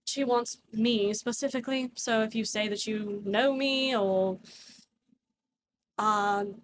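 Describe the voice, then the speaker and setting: A woman's voice: medium pitch, fairly even intonation, slow, noisy background, lightly acted. A woman voicing a tipsy young nobleman in a tabletop game, a callous womanizer who talks in an offhand, drawling, dismissive way.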